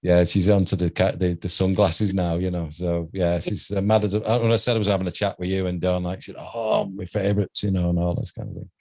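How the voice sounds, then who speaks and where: A man's voice: low voice, flat delivery, fast talker, few pauses, darkish tone. A man in his sixties with a British accent, a radio host telling chatty anecdotes in a casual interview. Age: 60s. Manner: chatty anecdotal storyteller, laughs often.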